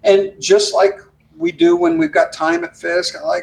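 A man, a guest who works as a virtual air traffic controller, telling animated stories and acting out radio calls. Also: sits high, moderate pace, gravelly, low-quality recording. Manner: lively storyteller who acts out radio calls.

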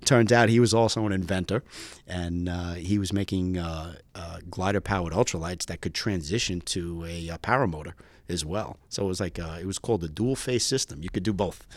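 A man from the US East Coast tells a lively story as an interview guest, laughing as he goes. His voice is lowish, and the sound is dry and close. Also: a little fast, no room sound. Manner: animated, laughs often while telling stories. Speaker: police aviation lieutenant, guest.

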